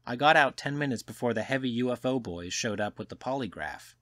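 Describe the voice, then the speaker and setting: A man's voice: medium pitch, lively intonation, fairly quick, fairly bright tone, no echo, lightly acted. A man voicing a worldly, cynical male journalist who lectures in a knowing, slightly raised voice, in an audiobook reading. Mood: amused storytelling. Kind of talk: audiobook character voice.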